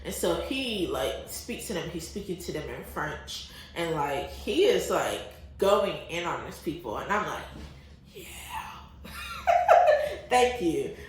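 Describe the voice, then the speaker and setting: A woman's voice: lowish voice, wildly swooping pitch, slow pace, a little hiss or hum. A young American woman telling a travel story to her viewers, chatty, laughing often and full of fillers. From United States. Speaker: vlogger. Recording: very echoey room.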